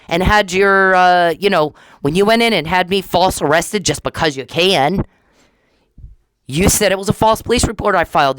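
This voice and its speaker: A woman's voice: low-pitched, no echo, poor audio. A woman delivering an angry, accusing podcast monologue straight at someone she blames, repeating herself in a confrontational way. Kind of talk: angry monologue aimed at an absent person.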